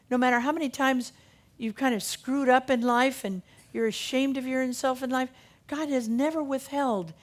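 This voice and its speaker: A woman minister delivers a sermon in a slightly higher voice. She repeats her key lines over and over, slowing down to stress them. Her tone stays steady and preacherly. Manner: emphatic, repetitive preaching with slowed key phrases.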